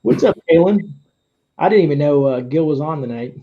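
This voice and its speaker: A man's voice: on the high side, lively intonation, fairly quick. A man from the Florida Keys hosting a casual live-stream interview. He rambles, restarts often and laughs easily. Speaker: host. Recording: dull lo-fi stream audio.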